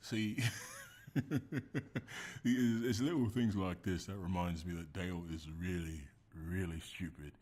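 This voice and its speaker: Deep husky sarcastic man. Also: fairly even intonation, unhurried, a little mellow. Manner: sarcastic, mocking. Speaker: commentator. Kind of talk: casual mocking commentary.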